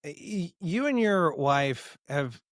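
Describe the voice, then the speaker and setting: Slow, lively-toned male interviewer. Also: fairly high pitch, no room sound, clean studio sound. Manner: slow, gently curious questions. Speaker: podcast host. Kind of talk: interview questions.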